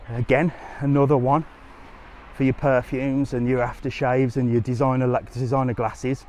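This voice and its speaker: A man's voice: mid-range voice, a little mellow. Chatty man vlogging on a street. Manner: chatty, cheeky, answers comments on the go. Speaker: travel vlogger. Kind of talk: live walking vlog with viewer questions. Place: outdoor tourist strip by the sea. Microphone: handheld camera while walking. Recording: light street noise outdoors.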